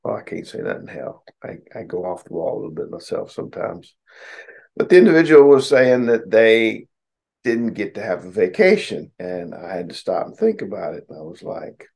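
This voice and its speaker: A man's voice: fairly low pitch, very animated, normal speed, vocal fry, darkish tone. A middle-aged American man, a psychotherapist host, giving casual advice to his listeners in a folksy, joking way.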